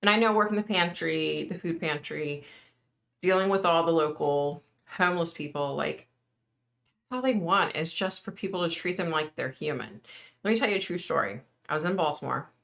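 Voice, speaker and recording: Middle-aged woman, livestream host, earnest and chatty, lowish pitch with a bright tone. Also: moderate pace, vocal fry. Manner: chatty, earnest, reads and answers viewer comments. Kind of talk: casual livestream chat with viewers.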